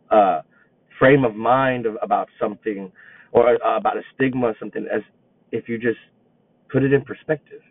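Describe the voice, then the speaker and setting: A man's voice: medium pitch, no echo. Man in his twenties on a tinny line. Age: 20s. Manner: rambling, repeats himself, reflective. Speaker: teacher and coach. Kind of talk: casual storytelling monologue. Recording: tinny phone-like line, dry.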